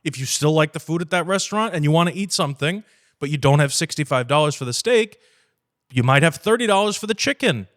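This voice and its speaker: A man with a slightly high voice hosts a casual podcast. He talks bluntly and swears freely. He slips into quick impressions of clients as he makes his points. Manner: blunt, profane and animated, acting out client dialogue. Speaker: podcast host.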